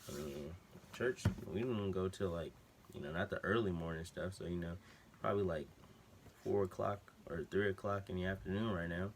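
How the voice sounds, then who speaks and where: At home, with a TV playing behind him, a male vlogger tells a story in a low voice at a moderate pace, with a little hiss or hum in the audio. His telling is casual, slangy and rambling, full of side digressions.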